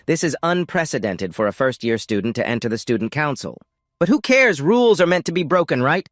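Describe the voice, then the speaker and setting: A smug, scheming young noble student who mocks and snaps, voiced by a man raising his voice high with a lively swing. The sound is dry and close, with faint music underneath. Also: fairly quick, dry recording. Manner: mocking, angry.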